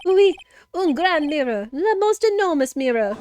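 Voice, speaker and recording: A woman's voice: high-pitched, sing-song, moderate pace, a little mellow, a little hiss or hum, voice pushed up. A woman voicing a flamboyant, flirtatious male French chef in an exaggerated fake French accent. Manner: theatrical, sing-song, over the top.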